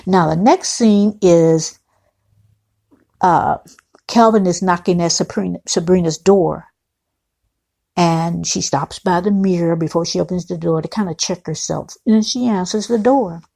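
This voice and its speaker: A woman's voice: lowish voice, measured pace, vocal fry, warm tone. A woman recapping a TV episode in a chatty, opinionated vlog, often calling her viewers guys. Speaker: TV recap vlogger. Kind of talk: casual episode recap with commentary.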